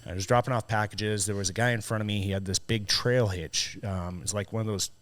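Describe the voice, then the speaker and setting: Low-voiced man telling a profane story. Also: fairly quick. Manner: profane, animated when retelling a confrontation. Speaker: podcast host. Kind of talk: casual conversation, storytelling.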